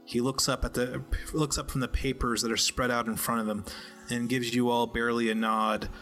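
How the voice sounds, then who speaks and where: A man leads a tabletop game as its game master, narrating scenes in a bright, forward voice. His delivery stays flat and even, broken up by ums and uhs as he builds each scene. Soft music plays underneath. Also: medium pitch. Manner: halting narration with many fillers.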